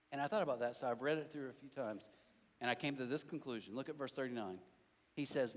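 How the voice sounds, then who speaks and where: In a church sanctuary with big-room sound, a pastor preaches to his congregation in a fairly high, lively voice at a quick pace. He tells stories conversationally and hammers points home through emphatic repetition.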